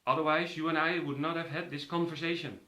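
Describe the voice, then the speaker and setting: A man voicing a steady doctor giving a patient careful news. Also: on the high side, fast talker. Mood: measured. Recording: roomy echo.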